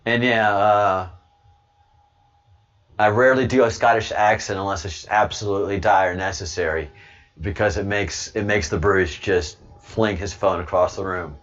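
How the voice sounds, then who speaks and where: A man's voice: lowish voice, fairly even intonation, moderate pace, fairly bright tone, faint music behind. A man hosting a casual livestream, rambling to his chat and stammering over repeated words with frequent chuckles. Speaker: livestream host reading chat.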